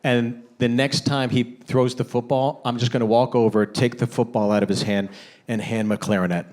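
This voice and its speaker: A man's voice: medium pitch, little pitch movement, moderate pace, darkish tone. A male comedian co-hosting a podcast, telling wry jokes and acting out voices in casual chat. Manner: wry, jokey, acts out voices.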